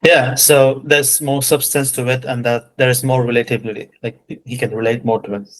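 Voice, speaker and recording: A man with an Indian accent hosts a relaxed conversation. He speaks in a mid-range voice and mostly agrees briefly or sums up what he has heard. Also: mid-range voice, a little fast, poor audio. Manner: brief agreeing replies and short summaries. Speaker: host. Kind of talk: casual chat.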